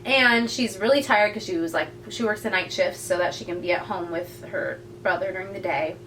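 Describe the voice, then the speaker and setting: A woman's voice: mid-range voice, fairly quick, distant mic, slight background noise, poor audio. A woman co-hosting a podcast, casually retelling a book's plot and acting out the characters' lines. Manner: animated storyteller, acts out characters' lines. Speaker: podcast co-host.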